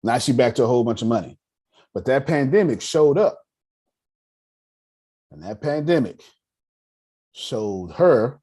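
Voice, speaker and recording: A man in his thirties teaching personal finance as a lively motivational lecture, an emphatic storyteller who repeats phrases for effect. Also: medium pitch, measured pace, long pauses, breathy edge. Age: 30s.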